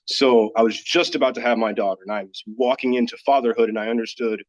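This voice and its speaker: A man's voice: medium pitch, fairly even intonation, quick pace. A man from Dallas, Texas, telling a personal story as a podcast guest, earnest and candid, with lots of "like". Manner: earnest, candid, filler-heavy with frequent "like". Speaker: podcast guest, yoga teacher. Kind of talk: personal storytelling in casual chat. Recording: dull lo-fi audio.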